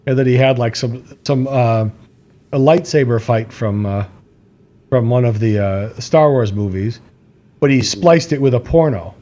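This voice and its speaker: Man, podcast co-host, mellow tone, rambling anecdote, lots of fillers, laughs often. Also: mid-range voice, unhurried. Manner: rambling storyteller, laughs a lot, acts out quotes. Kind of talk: casual chat.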